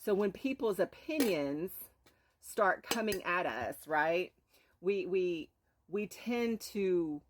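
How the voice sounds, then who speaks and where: Woman, live-stream host, lowish voice, earnest storyteller, checks in with "right?". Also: animated, takes it slowly, background noise. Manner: earnest, with frequent rhetorical "right?". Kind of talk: inspirational storytelling talk.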